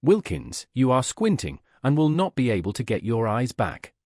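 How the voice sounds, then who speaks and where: A man's voice: mid-range voice, sing-song, moderate pace, mellow, no room sound, clean studio sound. A man reading the part of a pompous, insistent middle-aged wife in an audiobook, speaking in a grand, formal, emphatic way. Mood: affable.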